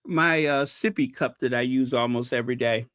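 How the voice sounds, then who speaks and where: A man's voice: medium pitch, normal speed, fairly bright tone, clear, resonant tone, dry recording, clean studio sound. A man hosting a casual livestream, reading viewers' messages aloud in a chatty, apologetic way and laughing nervously. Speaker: channel host reading live chat.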